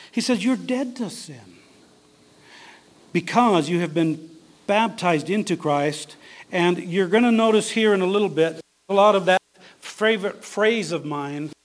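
A man preaching a sermon in a conversational way, asking his listeners rhetorical questions. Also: a little high. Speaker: pastor.

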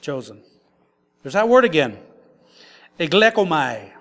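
A man's voice: a little high, unhurried, fairly bright tone. A man preaching a sermon in an emphatic, conversational way. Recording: long echoey hall reverb.

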